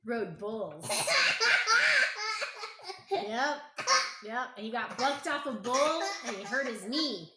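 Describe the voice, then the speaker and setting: A hoarse, strained woman, a mother gently telling family stories to her child at home, unhurried and humming as she thinks. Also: on the high side, lively intonation, crowd noise. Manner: gentle, unhurried, thinking aloud with hums and pauses. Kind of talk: casual storytelling to her child. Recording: echoey room with clear background noise.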